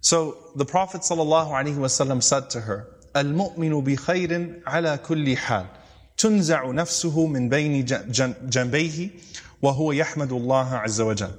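A man's voice: mid-range voice, a little fast. A man giving a storytelling sermon, quoting Arabic phrases and then explaining them in English. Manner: retells hadith, quoting Arabic then translating. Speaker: Islamic lecturer. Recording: long hall reverb.

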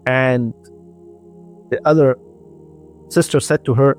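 Man, radio sermon, earnest, halting short phrases, mid-pitched voice, soft music underneath. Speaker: religious speaker. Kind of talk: radio sermon, storytelling reminder.

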